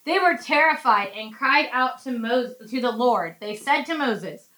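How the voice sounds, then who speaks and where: A woman teaching a casual Bible study, chatty and animated, acting out quotes from the text. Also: fairly high pitch, a little slow, echoey room, rough recording.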